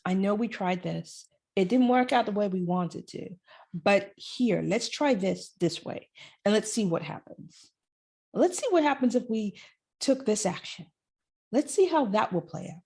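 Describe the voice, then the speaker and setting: A woman voicing her encouraging female inner wise woman, reassuring and upbeat, in a mellow, husky voice. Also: mid-range voice, expressive, measured pace, full character voice.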